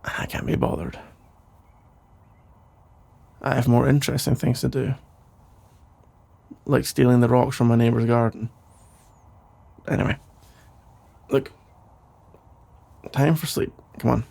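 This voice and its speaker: Brief: gravelly, husky rambling boyfriend, played by a man, soft sleepy whispered role-play. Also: medium pitch, steady tone, unhurried, pauses often, heavily acted. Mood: teasing. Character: caring, rambling boyfriend putting partner to bed. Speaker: ASMR role-play creator.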